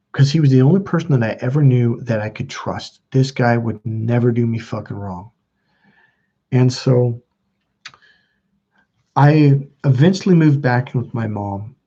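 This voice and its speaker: A young man hosting his own channel recounts a painful personal story in a raw, profane, intense way, his voice climbing high when he quotes others. His voice is mellow, and the audio is dull.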